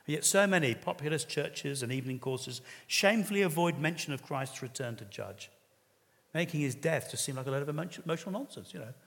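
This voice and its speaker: A man's voice: on the high side, lively intonation, brisk, vocal fry, a bit bright. A man preaching a sermon in an earnest, conversational way, with occasional hesitations. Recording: reverberant hall.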